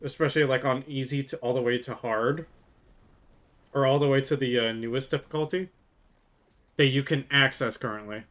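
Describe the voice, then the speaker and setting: A man's voice: mid-range voice, steady tone, moderate pace, long pauses, fairly bright tone. A man streaming live while drinking, chatting casually to his chat, laughing often, swearing and rambling with many restarts. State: drunk.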